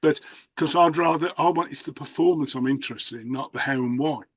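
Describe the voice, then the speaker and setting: A man's voice: a little high, fairly quick, husky. A man hosting a conversation, telling rambling stories with many restarts. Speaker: host, magician. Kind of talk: casual conversation.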